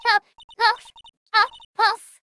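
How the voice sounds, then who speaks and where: A woman voicing a cranky old woman who huffs and gasps between words and shouts threats. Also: level tone, very slow, a little hiss or hum, heavily acted. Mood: huffing, ranting. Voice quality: shrill, gasping between words. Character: cranky shrill old woman, huffing and breathless.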